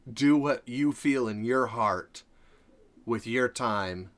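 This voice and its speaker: A middle-aged man with a mid-range, slow voice hosts a reaction channel, offering casual commentary. He rants earnestly and heartfelt about family.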